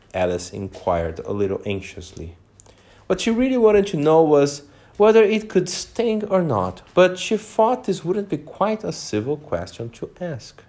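Man reading a storybook aloud slowly. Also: on the high side. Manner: animated, unhurried, pauses to explain words.

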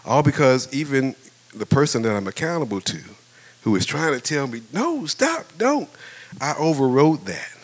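A man's voice: mid-range voice, normal speed. Middle-aged preacher guy, chatty sermon, laughs a lot, swings his voice up and down telling stories. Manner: conversational, animated, laughs often, acts out voices. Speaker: pastor. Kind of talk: storytelling sermon.

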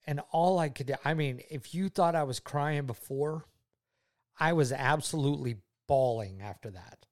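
A man speaking to his daughter, telling his faith testimony in an earnest, heartfelt way, often repeating himself and going quiet when moved. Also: a little high, moderate pace. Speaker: father talking with his daughter.

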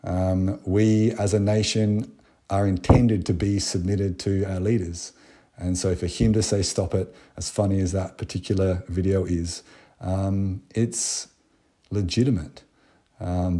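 Australian man preaching, deep and mellow. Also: level tone, a little slow. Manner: conversational, with fillers and restarts between Bible readings. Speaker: pastor. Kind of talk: sermon.

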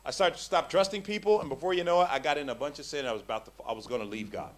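A man preaching an animated, jokey sermon, often repeating words as he builds up. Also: on the high side, racing.

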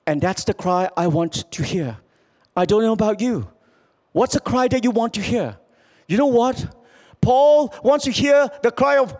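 A man preaching a sermon as pastor, swinging from loud calls to quiet, low lines. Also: expressive, moderate pace.

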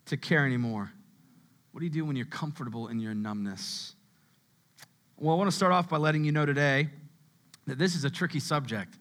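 A young adult man preaching a sermon in a conversational style, repeating words as he goes and dropping to a low hush on key words. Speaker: pastor.

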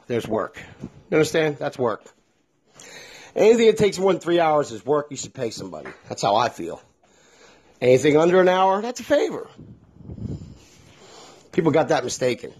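A man's voice: on the high side, big pitch swings, moderate pace, long pauses, darkish tone, breathy edge. A middle-aged man hosting a solo podcast, talking bluntly and with a lot of feeling, swearing freely as he speaks his mind. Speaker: podcast host. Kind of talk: candid solo podcast monologue.

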